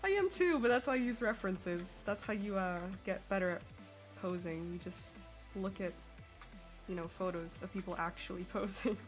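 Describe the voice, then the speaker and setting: A woman's voice: medium pitch, fairly even intonation, moderate pace, soft background music. Giggly young woman chatting while drawing. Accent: General American. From Sweden. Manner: bubbly, giggly, reads chat aloud. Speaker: artist streamer. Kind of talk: live-stream chat while drawing.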